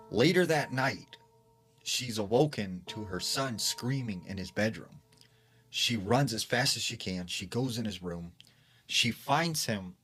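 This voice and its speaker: A man tells a true spooky story in a relaxed, conversational storytime style, leaning heavily on "like" and acting out what people said. His voice is fairly low in pitch with a fairly bright tone.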